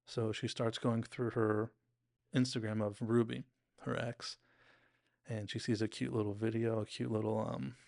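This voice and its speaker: A man's voice: lowish voice, level tone, normal speed, vocal fry, a little mellow. A young man casually retelling and analysing a TV episode, rambling with fillers and restarts. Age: young adult. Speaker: show recap host.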